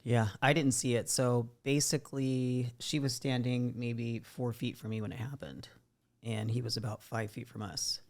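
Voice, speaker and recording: A woman's voice: a bass voice, steady tone, moderate pace, darkish tone. Woman guest recounting events casually. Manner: conversational, loose with fillers like "like". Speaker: podcast guest. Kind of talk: casual storytelling.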